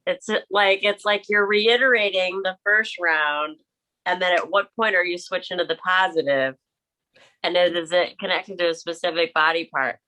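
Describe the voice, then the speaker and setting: Bright-voiced woman asking hesitant questions. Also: on the low side, fairly even intonation, moderate pace. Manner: hesitant, searching for words. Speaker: workshop participant.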